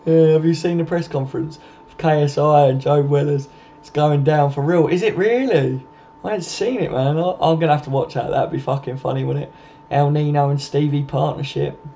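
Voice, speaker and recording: Sweary, matey young man, mellow voice. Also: a little high, lo-fi sound, a little hiss or hum. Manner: sweary, laughing, matey banter. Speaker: live stream host reading viewer comments. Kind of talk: casual live stream chat.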